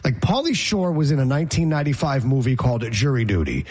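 A man's voice: mid-range voice, very animated, fast, a little mellow, slightly rough. A man co-hosting a podcast, ranting and mocking in casual chat. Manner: sarcastic, mocking rants. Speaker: podcast co-host.

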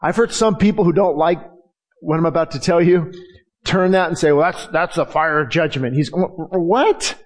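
The man's voice is fairly high in pitch and moves at normal speed. He's a middle-aged pastor delivering a fervent sermon, performing prayers and quotes and repeatedly restarting what he's saying.

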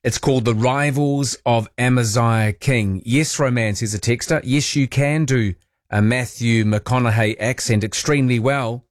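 Chatty New radio host, dry sound. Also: male voice, mid-range voice, measured pace, dry recording. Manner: relaxed, chatty, reads listener texts aloud. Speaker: overnight radio talk host. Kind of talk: casual late-night radio chat. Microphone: studio microphone.

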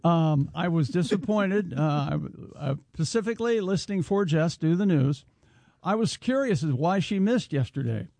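A high-pitched man co-hosts radio banter, full of teasing quips. His voice sits close and dry on the mic. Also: lively intonation, moderate pace, gravelly, mellow, no room sound. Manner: wisecracking, teasing. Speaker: radio co-host. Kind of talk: casual morning-show banter.

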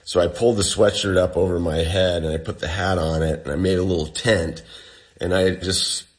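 In an interview, a guest recounts his survival story in a laid-back, storytelling way, performing the lines people spoke with real animation. His voice is low and his speed normal.

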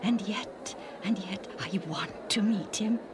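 A woman's voice: mid-range voice, takes it slowly, noisy background, pitched above the performer's own voice, close to an everyday voice. Uncle Sidon, a woman doing a shy, stammering man. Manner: timid, stammering. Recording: music playing underneath.

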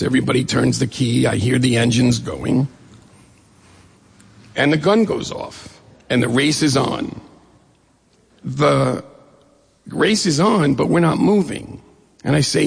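A man with a gravelly voice, retelling a personal story in a lively, animated way. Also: mid-range voice, unhurried, long pauses. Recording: long reverb of a hall.

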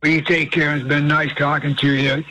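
A man's voice: on the high side, flat delivery, normal speed, sharp tone, a little hiss or hum, poor audio. A man in his eighties calling in to a radio show, chatting in a rambling, effusive way. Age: 80s. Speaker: caller. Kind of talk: phone-in chat.

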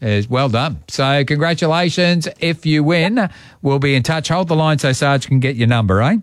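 A man's voice: a little high, lively intonation, moderate pace, dry recording, clean studio sound. A man with an Australian accent hosting casual talkback radio, chatting with callers in a matey way. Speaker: radio host. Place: radio studio. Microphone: studio microphone.

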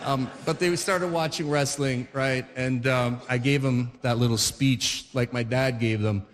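A man's voice: mid-range voice, steady tone, measured pace, in a large hall. A man in his forties doing a stand-up comedy routine, rambling through stories with many fillers and acting out the characters in them.

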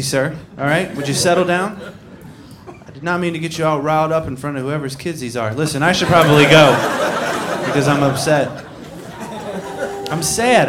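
A man doing stand-up comedy with wry, incredulous storytelling. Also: fairly high pitch. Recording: live club, crowd and noise.

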